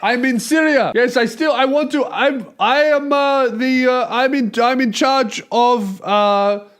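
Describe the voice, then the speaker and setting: A man voicing a male militant mechanic calling about buying a truck, speaking in halting, broken phrases. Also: extremely high pitch, a bit bright, pitched above the performer's own voice. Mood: eager, halting. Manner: broken, halting phone-call speech.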